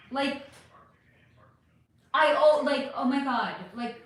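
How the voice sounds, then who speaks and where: A woman in her thirties hosts a livestream from her bright living room at home, chatting casually, reading comments, rambling, and swearing occasionally. Her voice is high-pitched and she speaks slowly. She's recorded on a phone with no external mic, so the room echoes and there's a faint hiss in the background.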